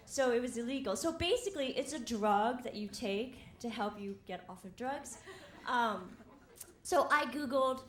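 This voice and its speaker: A young woman telling a wry, self-mocking personal story live on stage, often laughing as she talks. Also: fairly high pitch. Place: theater stage before an audience. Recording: roomy live hall with faint ambience.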